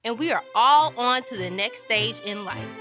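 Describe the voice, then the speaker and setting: A woman's voice: fairly high pitch, animated, moderate pace, pushed and bright. An actress voicing an earnest, upbeat young woman starting college, narrating with heartfelt expression over a music score. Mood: proud. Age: young adult. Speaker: lead character and narrator. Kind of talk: audio drama narration and dialogue.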